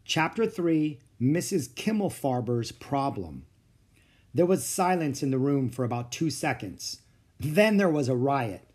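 A man reading a children's novel aloud as a podcast storyteller, with expressive, animated narration. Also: medium pitch, unhurried, slightly rough.

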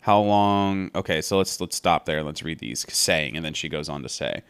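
Working through scripture at a moderate pace, a man with a deep, clear, resonant and fairly bright voice offers casual Bible commentary for his podcast. He thinks aloud in an earnest, meandering, reflective way, recorded close and dry with no room sound.

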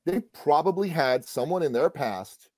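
A middle-aged man, a business coach, telling a motivational story in a lively conversational way. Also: a little high, a little slow, dry recording.

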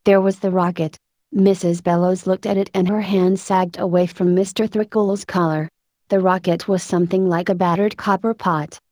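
A woman narrating a story aloud in a measured, expressive audiobook style. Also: fairly low pitch, no room sound.

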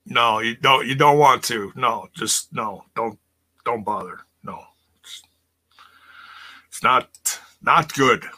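A man's voice: medium pitch, slow, long pauses, bright, forceful tone. A man casually recapping a wrestling show on a live stream, chatting with viewers and sounding exasperated. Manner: chatty, exasperated, reads chat aloud.

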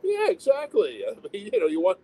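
A man's voice: sits high, wildly swooping pitch, fairly quick, warm tone, rough recording. A man who owns comedy clubs, talking bluntly and with strong opinions in a casual interview. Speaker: comedy club owner. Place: home town with fire sirens.

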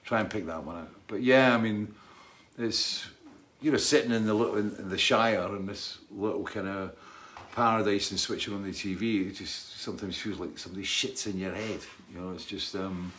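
A man's voice: on the low side, normal speed, a bit bright. Rambling friendly male livestream host. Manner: rambling, friendly, reads out viewer names. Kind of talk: casual live-stream chat.

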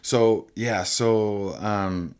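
Very deep-voiced young man chatting loosely. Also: steady tone, very slow, darkish tone, clear, resonant tone. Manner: loose and rambling, with many fillers and "dude". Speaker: comic book discussion co-host. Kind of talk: casual chat.

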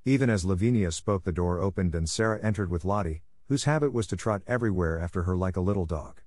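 A male audiobook narrator reading a classic novel for learners in a measured, clear voice. His voice sits a little low. The recording is dry and close-miked. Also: animated, a little mellow, dry recording. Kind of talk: scripted narration for language learners.

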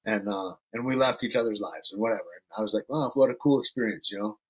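Husky and fairly low-pitched, a middle-aged man from Northern Michigan talks at a quick pace. He's a podcast guest telling loose, profane casual stories and mimicking the voices of people he quotes.

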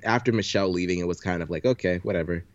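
A man's voice: deep voice, racing, dull audio, a little hiss or hum. A man co-hosting a podcast, chatting casually and animatedly, swearing and mimicking people. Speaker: podcast co-host. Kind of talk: casual recap chat.

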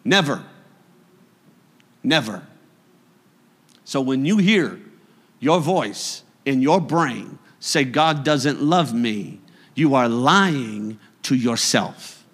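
A man preaching a sermon as pastor in a church, moving between emphatic bursts and quiet reflection. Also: mid-range voice, animated, slow, long reverb tail.

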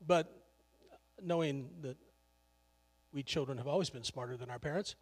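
A man's voice: mid-range voice, normal speed, in a large hall. A male pastor preaching a sermon in a conversational, joking way, laughing often.

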